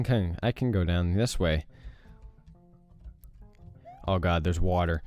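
A young man giving casual let's play commentary, reacting loudly to the game, groaning and swearing. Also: lowish voice, unhurried, long pauses, faint music behind. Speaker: gaming YouTuber.

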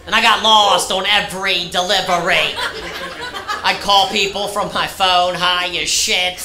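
A man in his thirties doing a stand-up comedy set, foul-mouthed and ranting, often rising to shouts. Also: sits high, fairly even intonation, unhurried, crowd noise. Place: comedy club stage. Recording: echoey club with loud audience. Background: audience laughter.

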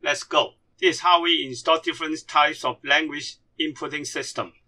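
A man giving a step-by-step computer screen tutorial as a language teacher, speaking with halting, grammar. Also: on the high side, fairly even intonation, pushed and bright. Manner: halting, non-native grammar.

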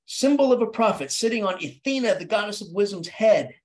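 A male English professor giving a literature lecture with theatrical energy. His voice jumps suddenly from low musings to high exclamations, and he often restarts and repeats words as he talks his way through ideas. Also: brisk. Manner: animated, dramatic delivery with sudden pitch jumps.

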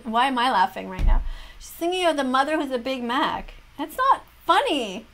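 Her voice is high, sing-song, brisk, and a bit bright. As a teacher reacting to a video, she moralizes and lectures like she's grading a class, doling out check marks.

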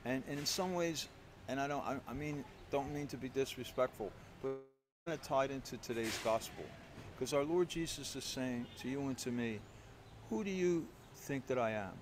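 Man, priest, homily, conversational storytelling, self-deprecating, mid-pitched voice, faint background noise. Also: moderate pace. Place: church.

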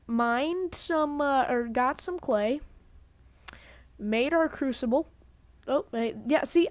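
A woman's voice: a little high, no room sound. A woman giving casual let's-play commentary on a headset, rambling, grumbling and cutting herself off mid-sentence. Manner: rambling, self-interrupting, grumbling. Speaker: gaming video host.

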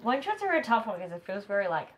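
Chatty woman co-host, mid-pitched. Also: sing-song, fast, soft background music. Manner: chatty, laughs often. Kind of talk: casual chat.

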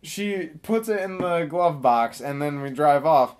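A man's voice: a little high, unhurried. Rambling young man telling a story. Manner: rambling, full of "like" and "um", deadpan asides, laughing. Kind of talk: casual storytelling.

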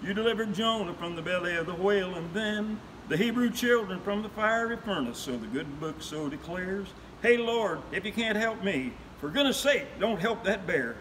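A man voicing a frightened preacher who calls out loudly and pleads with God in a story poem. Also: high voice, expressive, moderate pace, hardly any pauses, long reverb tail, slight background noise, pitched above the performer's own voice, rough recording. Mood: pleading. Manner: loud, pleading cries.

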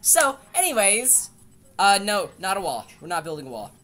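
A woman hosting a casual gaming session with friends over a voice call, chatty and quick to restart her sentences. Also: medium pitch, very animated, a bit bright. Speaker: host.

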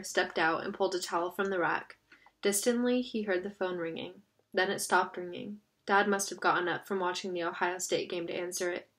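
A woman narrating a novel aloud in an expressive, steady reading style. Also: mid-range voice. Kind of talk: audiobook reading.

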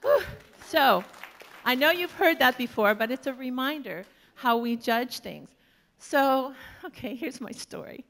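Casting: woman minister, sermon delivery, slow and gravelly, storytelling with humor. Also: high-pitched, lively intonation. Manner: storytelling, warm-humored, laughs often.

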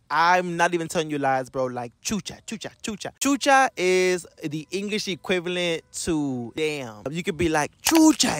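A young man from Panama giving a casual slang lesson to camera, loose and relaxed, switching between English and Spanish and leaning on "like" and "bro". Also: fairly high pitch. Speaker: language teacher, channel host.

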